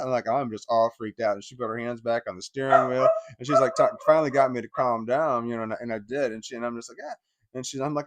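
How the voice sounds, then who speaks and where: In a very noisy recording, a man hosting a channel tells a painful story about his own past at a quick pace. His medium-pitched delivery is emotional and meandering, laced with profanity and lots of fillers.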